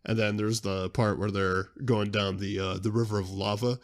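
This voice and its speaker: A young man hosting a podcast in a casual, excitable, rambling way, often interrupting himself mid-sentence. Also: fairly low pitch, normal speed. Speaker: podcast host.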